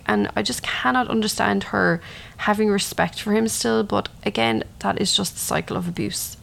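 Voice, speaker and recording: Woman narrating a true story, gravelly fry. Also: mid-range voice. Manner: matter-of-fact retelling with personal asides. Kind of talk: recounting a true story with commentary.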